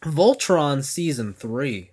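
A man's voice: a little high, animated, takes it slowly, a little mellow, breathy edge. A man co-hosting a casual pop-culture podcast, upbeat and leading the topics. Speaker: podcast co-host. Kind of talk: casual chat.

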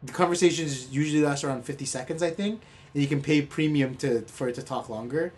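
A man's voice: fairly high pitch, quick pace, darkish tone. Jokey man co-hosting a chat. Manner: jokey, laughs often. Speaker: podcast co-host. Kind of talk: casual chat.

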